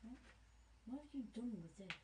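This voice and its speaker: A woman's voice: fairly high pitch, expressive, moderate pace, slightly rough. A woman watching a race alongside the host, chatting in a playful, teasing way. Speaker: co-viewer on the stream. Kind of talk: casual chat.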